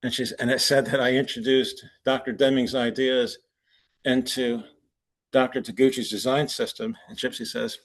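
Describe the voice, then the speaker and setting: A man's voice: mid-range voice, flat delivery, normal speed. A man presenting at a forum, telling anecdotes in a loose conversational way, chuckling at his own punchlines. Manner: conversational with restarts. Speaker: conference presenter. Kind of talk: anecdotal lecture.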